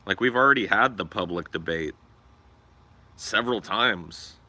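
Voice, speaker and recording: A man's voice: lowish voice, a little slow, bright, forceful tone. A young man hosting a livestream, chatting casually in a crude, profane and joking way. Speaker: livestream host.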